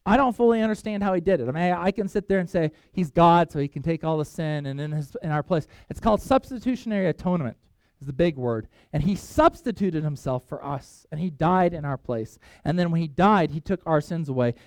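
A man's voice: fairly high pitch, animated, brisk, dry recording. A middle-aged man, a pastor preaching a conversational sermon, acting out quoted voices and restarting sentences as he goes.

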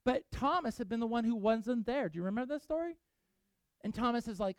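High-voiced man preaching, dry sound. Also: expressive, fairly quick, clear, resonant tone, no room sound. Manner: earnest preaching, acts out quoted voices. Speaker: pastor. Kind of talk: sermon.

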